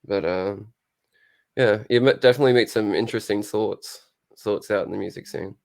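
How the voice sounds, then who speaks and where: Dry, gravelly man. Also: fairly low pitch, moderate pace, a little mellow. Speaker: guest, show co-host and musician. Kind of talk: casual interview chat.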